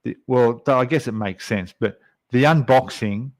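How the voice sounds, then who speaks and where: A man's voice: medium pitch, normal speed, no room sound. An Australian man hosting a casual live stream, rambling and chatty as he reads out viewer comments. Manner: rambling, chatty, lots of fillers.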